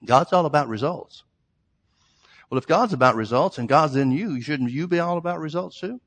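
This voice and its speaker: A man's voice: a little high, expressive, fairly quick, fairly bright tone, slightly rough. Preaching man in a reverberant hall. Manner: emphatic, reads scripture in old-style phrasing. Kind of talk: sermon.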